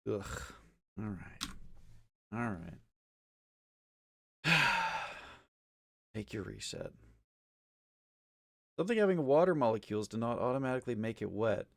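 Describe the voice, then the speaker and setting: A man streaming live, chatting casually with his viewers, swinging from mumbled asides to loud exasperated ranting, with lots of swearing. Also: on the low side, lively intonation, takes it slowly, vocal fry, pauses often, no room sound, studio quality. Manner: profane, argumentative.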